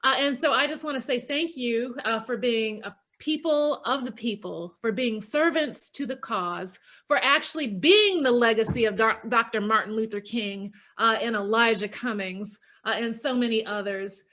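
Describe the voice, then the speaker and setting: A middle-aged woman speaks with passionate emphasis. Her voice sits fairly high, and she builds to forceful peaks. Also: normal speed, hardly any pauses. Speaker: guest speaker. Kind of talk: passionate political remarks.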